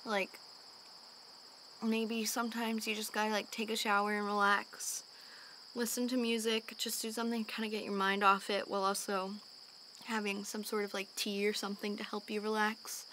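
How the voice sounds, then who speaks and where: A young woman in a candid home vlog, talking earnestly and openly, sighing often as she calms down after a panic attack. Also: medium pitch, normal speed, slight background noise. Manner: earnest and open, with frequent sighs and fillers. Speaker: vlogger. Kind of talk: candid personal talk to camera. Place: at home in the evening.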